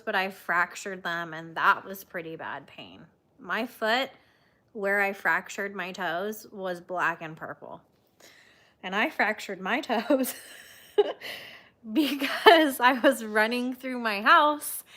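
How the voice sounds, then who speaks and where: A woman's voice: medium pitch, sharp tone. A woman hosting a crochet livestream, chatting casually with viewers and laughing often as she tells stories on herself. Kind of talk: casual chat reading live comments.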